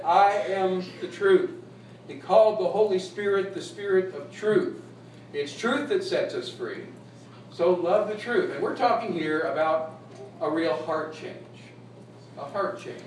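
Folksy preacher man, echoey and distant. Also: sits high. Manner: folksy, humorous, laughs at own jokes. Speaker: pastor. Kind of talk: sermon. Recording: echoey room, distant mic, faint noise.

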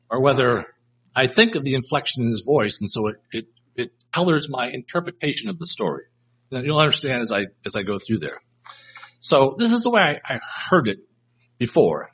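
A man whose mid-range voice is a bit bright with a breathy edge teaches Bible study to a live class in the room. Reflective, he reads verses aloud in varied inflections, and the recording sounds dull and lo-fi.

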